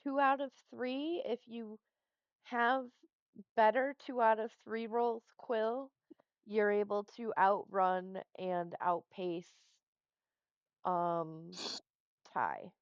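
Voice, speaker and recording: Slow, gravelly woman running a game. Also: medium pitch, fairly even intonation, no room sound. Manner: patient, explains the rules step by step. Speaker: dungeon master. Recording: dull lo-fi dry sound.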